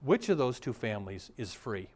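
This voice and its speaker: A man's voice: medium pitch, very animated, moderate pace, a little mellow. A middle-aged male pastor preaching a sermon, telling stories and briefly acting out the voices of the people in them. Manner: storytelling preacher, acts out quoted voices.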